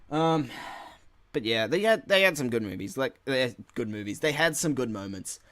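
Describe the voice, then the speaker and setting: A man talks in a loose, rambling solo podcast. He sounds frustrated, swears often and fills his pauses with ums and likes. His voice sits at an ordinary middle pitch, and the recording is close and dry with no room sound. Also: lively intonation, no echo. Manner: rambling, frustrated, heavy swearing and filler words. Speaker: gaming channel host. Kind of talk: casual solo podcast rant.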